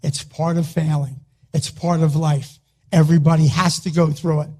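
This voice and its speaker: Punchy high-voiced Philly coach. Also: male voice, level tone, normal speed, a little mellow, husky. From Philadelphia, US. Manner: emphatic, punchy, repeats short phrases. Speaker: wrestling coach. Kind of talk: motivational speech.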